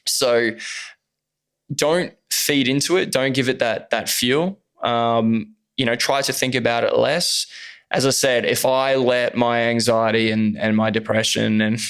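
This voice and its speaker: A man's voice: mid-range voice, steady tone, a little slow, a bit bright, clear, resonant tone. A man, an actor speaking as a podcast guest, talking earnestly and openly in casual conversation with plenty of fillers. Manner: earnest and open, many fillers.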